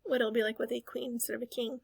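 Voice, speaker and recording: A woman's voice: fairly high pitch, little pitch movement, quick pace, creaky, slightly rough, no room sound. A woman in her thirties chatting casually in a voice-over about thrift finds, rambling and correcting herself as she goes. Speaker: reseller vlogger.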